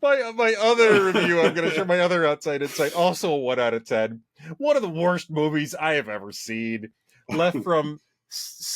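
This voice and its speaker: A man's voice: a little high, fairly bright tone, no room sound, clean studio sound. Playful man co-hosting a podcast. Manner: playful, laughs often. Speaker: podcast co-host. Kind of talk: casual chat.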